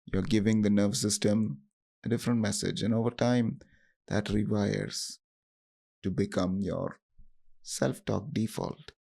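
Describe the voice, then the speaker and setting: A man hosting a podcast, guiding listeners through a self-compassion practice in a slow, gentle, instructive way with pauses. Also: on the low side, fairly even intonation, vocal fry. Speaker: podcast host.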